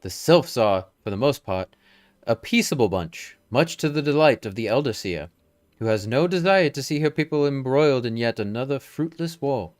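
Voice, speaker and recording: A man's voice: medium pitch, expressive, moderate pace, natural voice. A man voicing a stern, formal male military commander with a stately, old-fashioned delivery, reading game dialogue aloud.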